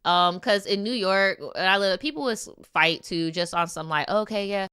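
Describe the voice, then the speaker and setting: A woman streamer reading viewer stories aloud and reacting in a casual, slangy, animated way. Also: fairly low pitch, normal speed, smooth. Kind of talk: casual chat and story reading. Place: lives in New York.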